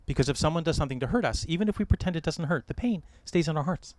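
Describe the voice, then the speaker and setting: A middle-aged American man officiating a wedding, giving joking, gentle advice to the couple. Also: a little high, animated, racing, no room sound. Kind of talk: wedding ceremony address. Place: outdoor or hall wedding ceremony.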